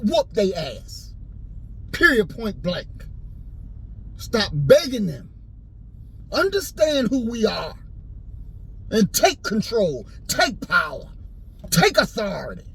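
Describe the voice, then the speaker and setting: A man delivering an impassioned, preachy rant and story, repeating his points and rising into shouts. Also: high voice, breathy edge, low-quality recording. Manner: preachy, repetitive, swings into shouting.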